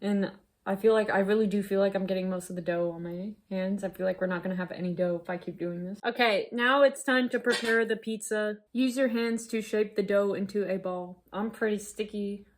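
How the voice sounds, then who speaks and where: A woman's voice: mid-range voice, flat delivery, brisk. A woman hosting a casual comedic cooking chat at home, joking and playfully mock-dramatic. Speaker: host.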